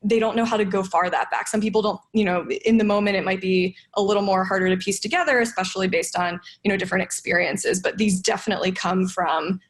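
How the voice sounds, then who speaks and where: A woman's voice: medium pitch, steady tone, fast talker, few pauses. A young adult woman speaking as a podcast guest, explaining her ideas earnestly and thoughtfully, with frequent restarts. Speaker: podcast guest, sales development manager. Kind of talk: casual podcast conversation.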